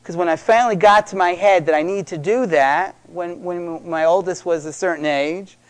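Addressing a live crowd on parenting, this middle-aged man speaks at normal speed in a high-pitched voice. He keeps things conversational yet emphatic, driving points home by repeating key words.

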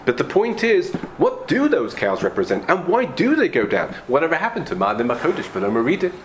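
A man's voice: a little high, brisk, a little hiss or hum. A man giving a Talmud lecture, explaining step by step, rising to questions and often restarting phrases. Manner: animated, rising to questions, frequent restarts and coughs. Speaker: Torah teacher.

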